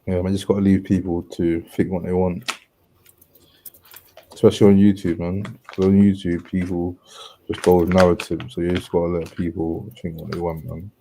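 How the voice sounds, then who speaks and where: A man's voice: deep voice, flat delivery, normal speed, warm tone, a little hiss or hum. A man chatting casually on a stream, laid-back and slangy. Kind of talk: casual chat.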